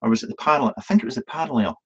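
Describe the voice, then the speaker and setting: A man's voice: mid-range voice, lively intonation, rapid-fire, husky. A man hosting a live Q&A video stream, chatting casually and rambling, with plenty of ums, restarts and the odd swear word. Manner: chatty and self-deprecating, swearing now and then. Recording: dull, lo-fi stream audio.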